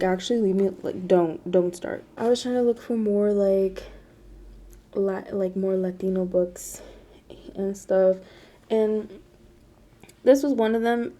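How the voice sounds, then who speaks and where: A woman's voice: medium pitch, mellow. A young woman vlogging casually about books, chatty, swearing freely, with defensive asides. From United States. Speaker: book vlogger. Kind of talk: casual chat.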